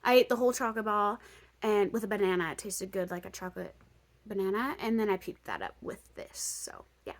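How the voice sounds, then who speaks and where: A young woman vlogger telling a story casually, chatty with lots of fillers, dropping to whispers and bursting into excitement. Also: mid-range voice, brisk. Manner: chatty, lots of "like" and "um", swings between excited outbursts and hushed whispers.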